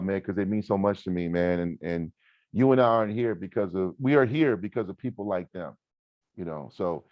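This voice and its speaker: A man in his forties co-hosting a podcast, telling stories in an animated, emphatic way. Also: on the low side, dry recording, muffled recording. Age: 40s. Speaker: podcast co-host. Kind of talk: casual podcast chat.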